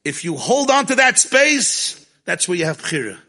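A man teaching a Torah class, telling stories in a lively way and mixing in Hebrew and Yiddish terms. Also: sits high, moderate pace.

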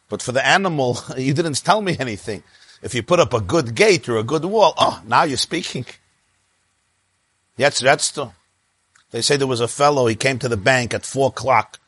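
A man's voice: mid-range voice, husky, no room sound. Dry-sounding man teaching a class. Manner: lively storyteller, stammers on restarts. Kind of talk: religious class lecture with anecdotes.

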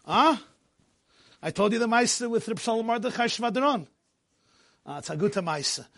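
A man teaching a Torah class, animated and joking, mixing Yiddish and Hebrew words into his English while telling stories. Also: high-pitched, normal speed. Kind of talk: lecture with storytelling.

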